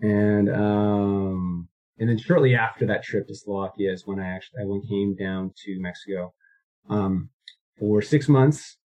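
A man's voice: fairly low pitch, a little slow, a little mellow, muffled recording. A man in his thirties, a guest recounting his life story in a casual interview, rambling with many fillers and restarts.

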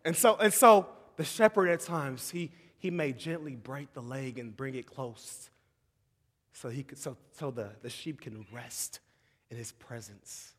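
A man preaching a sermon, moving between shouting excitement and hushed, tender tones and often calling the audience "y'all". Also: medium pitch, a little slow. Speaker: pastor. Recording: long hall reverb.

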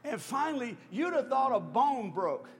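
A man preaching a sermon, telling a story with chuckles and swinging from hushed, slow passages to shouted lines. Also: very high voice, sing-song. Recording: long hall reverb, faint music.

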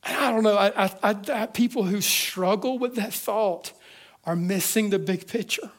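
A pastor preaching a sermon to his church, earnest, moving between hushed reflection and fervent emphasis with frequent restarts. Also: high-pitched, moderate pace. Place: church service.

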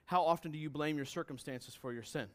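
A man with a fairly high voice delivers a sermon in a church hall, speaking earnestly and putting questions to his listeners. He builds from measured talk to loud, emphatic bursts. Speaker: pastor.

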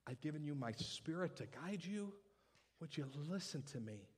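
Gentle, patient father-God, soft and earnest, as a male pastor puts him on. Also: on the high side, expressive, normal speed, slightly rough. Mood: pleading.

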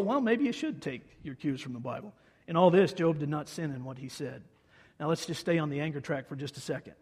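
A man's voice: expressive, brisk, breathy edge. Emphatic preacher man in an echoey hall. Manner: emphatic, swings from loud declaiming to low quiet asides. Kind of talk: sermon. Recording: echoey hall with long reverb.

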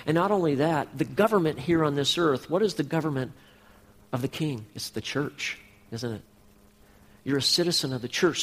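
A man's voice: fairly high pitch, slightly rough, long reverb tail. A man pastor preaching a sermon, speaking earnestly and directly to his congregation.

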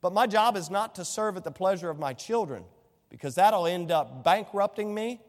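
High-voiced man preaching in a hall. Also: animated, moderate pace. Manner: preaching with rhetorical questions and scripture quotes. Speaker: pastor. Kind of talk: sermon.

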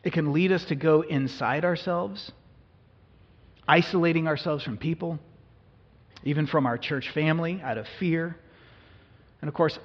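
Husky-voiced pastor preaching in an echoey hall. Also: male voice, fairly high pitch. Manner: conversational, asks the congregation questions. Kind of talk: sermon. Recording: echoey hall, dull lo-fi sound.

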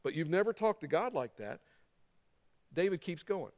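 A middle-aged pastor preaches to his congregation, hammering points home through repetition and acting out little quoted lines. His voice sits high for a man. A long reverb from a large hall trails each phrase. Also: very animated, moderate pace, a little mellow. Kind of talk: sermon.

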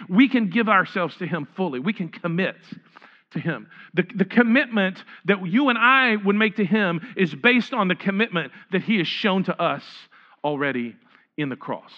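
A male pastor preaches with a high, bright voice, stumbling over and repeating words as he works through the text. He gets animated and acts out the lines he quotes. The recording is a bit dull and lo-fi. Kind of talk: sermon.

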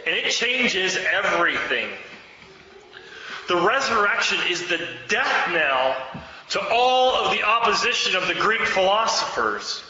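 A man's voice: high voice, bright, forceful tone. A man preaching a sermon, fervent and exhorting, urging his listeners to act. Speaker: pastor. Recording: echoey hall, dull sound.

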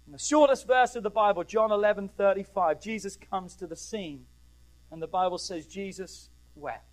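A man's voice: high voice, low-quality recording. A man preaching a rousing sermon, calling out to his congregation and urging them to answer back. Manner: rousing, call-and-response with the congregation.

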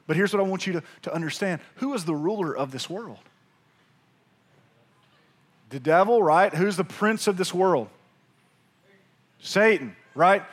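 A man preaching a sermon, energetic and speaking straight to his congregation. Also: on the high side. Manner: energetic, talks to the congregation directly. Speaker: pastor.

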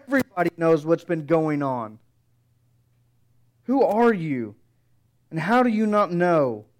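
An exasperated, grieving disciple, as a preacher puts him on, firing off incredulous rebuking questions in a raised, somewhat high voice. The tone stays smooth and resonant. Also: male voice, big pitch swings, unhurried. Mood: incredulous rebuke.

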